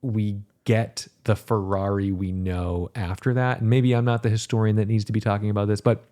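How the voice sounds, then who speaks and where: A man with a fairly low voice talks casually on a podcast, animated and emphatic. He repeats words for punch and swears freely. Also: normal speed. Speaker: podcast host. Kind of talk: casual chat.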